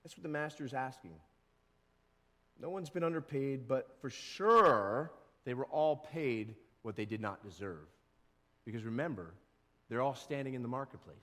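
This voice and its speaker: A man preaching a sermon as pastor, animated, acting out short voices and quotes. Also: mid-range voice, moderate pace, big-room sound. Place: church sanctuary.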